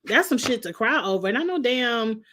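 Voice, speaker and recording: This reality TV review host has a slightly high, fairly bright voice, expressive and at normal speed, with a little hiss or hum in the recording. She chats casually through viewer comments, blunt and sassy, often laughing and cursing.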